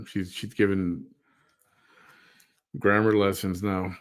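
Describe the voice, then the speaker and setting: Stream host, man, very low voice, dry sarcastic chat. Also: expressive, unhurried, fairly bright tone. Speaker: livestream host. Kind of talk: casual chat.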